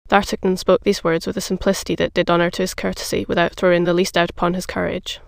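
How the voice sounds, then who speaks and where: An audiobook narrator reading a classic adventure novel in a steady, even manner. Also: medium pitch, quick pace, vocal fry, hardly any pauses, no echo, studio quality. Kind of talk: scripted narration.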